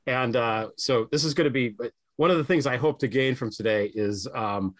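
A man of middling pitch hosts his podcast with earnest, emphatic talk. He rambles a little and restarts as he warms up to his guest. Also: moderate pace. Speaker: podcast host. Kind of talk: podcast monologue and interview.

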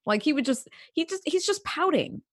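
A woman co-hosting a casual podcast, animated and emphatic, laughing often. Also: sits high, normal speed, dry recording, clean studio sound. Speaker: podcast co-host.

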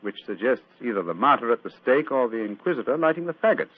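A man playing Sherlock Holmes, quick and crisp. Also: medium pitch, expressive, no echo, close to an everyday voice. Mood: measured. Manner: crisp, precise and dryly amused. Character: Sherlock Holmes, sharp, cool-headed male detective. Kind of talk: 1940s radio acting. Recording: tinny old radio broadcast.

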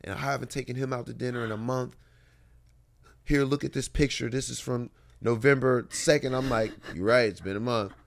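A man's voice: medium pitch, fairly even intonation, fairly quick, vocal fry. A man in his thirties, a guest in an interview, telling stories in a laid-back, drawling way and swearing freely. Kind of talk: casual storytelling.

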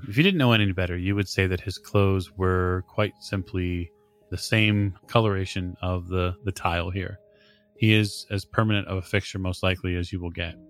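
A man narrating as game master of a tabletop role-playing game, describing scenes in an unhurried, descriptive way with many fillers. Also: low-pitched, fairly even intonation, faint music behind.

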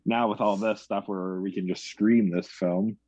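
A man's voice: on the low side, fairly even intonation, moderate pace, warm tone, no echo. A man in casual chat about horror films, rambling with lots of fillers and restarts. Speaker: podcast co-host. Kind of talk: casual film discussion. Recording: dull, dry lo-fi sound.

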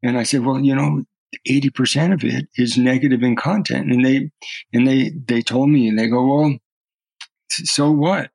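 A man's voice: medium pitch, steady tone, normal speed, gravelly, a little mellow, slightly rough, no echo, poor audio. A middle-aged man, a podcast guest, telling personal stories earnestly and often restarting his words. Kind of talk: earnest storytelling in conversation.

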